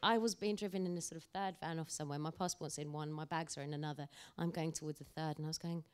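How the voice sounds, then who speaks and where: Low-voiced woman telling a lively anecdote. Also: quick pace, clear, resonant tone. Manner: animated anecdotal storytelling. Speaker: actor guest. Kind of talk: onstage panel discussion.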